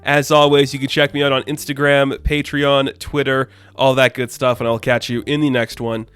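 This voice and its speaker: A man's voice: mid-range voice, level tone, normal speed, fairly bright tone, clean tone, dry recording. A man reviewing a comic book in a casual, sarcastic and exasperated rant, addressing his viewers directly.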